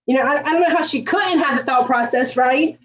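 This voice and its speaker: A woman's voice: sits high, fairly quick, fairly bright tone, far from the mic, highs cut off. A woman hosting a home cooking livestream, chatting folksily to viewers with lots of ums. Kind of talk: casual livestream chat while cooking. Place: home kitchen.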